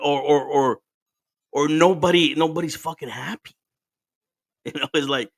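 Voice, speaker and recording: A man's voice: fairly high pitch, a little slow, pauses often, no room sound, clean studio sound. A man from Mexico with a Mexican accent, telling stories in a casual chat, swearing freely, often laughing, and switching between English and Spanish. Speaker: podcast host.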